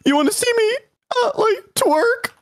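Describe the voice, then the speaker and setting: A man doing an impression of a goofy, jittery young male cartoon slacker, with a squeaky, cracking voice that drags out words. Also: lively intonation, moderate pace, no echo. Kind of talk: voice impression during a game stream.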